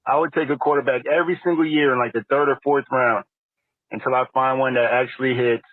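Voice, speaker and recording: A man's voice: mid-range voice, fairly even intonation, quick pace, dry recording. Male caller on a tinny phone line. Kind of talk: call-in opinion.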